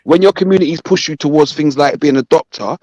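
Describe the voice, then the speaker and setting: Guy on a panel stream, bit high voice, thoughtful, lots of um n you know. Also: fast talker, dark tone, no room sound. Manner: thoughtful, hesitant with filler words. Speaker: panel guest. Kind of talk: casual discussion on a live panel show.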